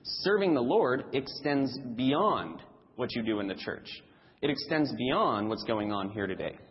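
A man's voice: medium pitch, animated, unhurried, in a large hall, dull audio. A man preaching a sermon in a church, emphatic and repeating key phrases for stress.

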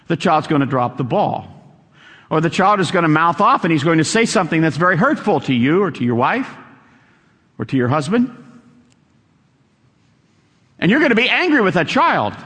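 A man's voice: fairly high pitch, sing-song, normal speed, long pauses, a bit bright, husky, long reverb tail. A man preaching a sermon, quoting scripture and repeating key lines for emphasis.

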